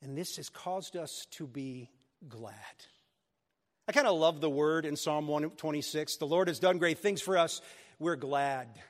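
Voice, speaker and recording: A man preaching a sermon as pastor of a church, animated and joking with his congregation. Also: fairly high pitch, unhurried. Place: church sanctuary. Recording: long hall reverb.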